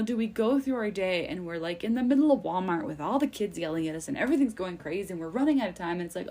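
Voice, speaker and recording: A young woman, a mom, hosting a live self-care workshop in a chatty, upbeat way with frequent laughs. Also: on the low side. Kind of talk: casual live workshop talk. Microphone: livestream mic.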